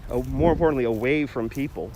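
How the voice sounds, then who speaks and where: A man's voice: mid-range voice, fast talker, warm tone, slight background noise. A man live streaming as he walks outdoors through a city park, chatting in a rambling way and answering viewer comments on a phone held on a gimbal. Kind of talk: casual walking livestream chat. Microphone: phone on a handheld gimbal.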